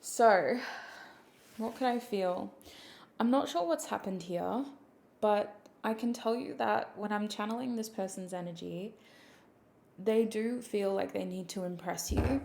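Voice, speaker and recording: A woman giving a channelled tarot reading in a soft, intimate, emotional way, close to tears at times. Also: mid-range voice, a little slow, vocal fry. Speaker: tarot reader.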